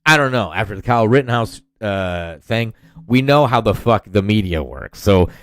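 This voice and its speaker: A man's voice: lowish voice, animated, moderate pace, fairly bright tone, smooth, no echo. A man in his thirties hosting a podcast, ranting in a profane, rambling, heated way. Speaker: podcast host. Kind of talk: solo rant podcast.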